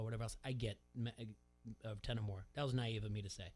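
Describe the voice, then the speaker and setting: A man's voice: medium pitch, fairly even intonation, fast. Rambling male sports radio host. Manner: rambling, self-questioning, conversational. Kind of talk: casual radio talk.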